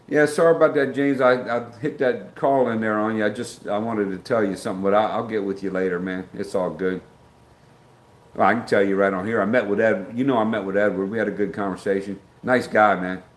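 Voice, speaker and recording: A middle-aged man hosting a casual livestream, rambling as he greets chat viewers by name. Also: fairly low pitch. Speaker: livestream host. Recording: roomy with faint background ambience.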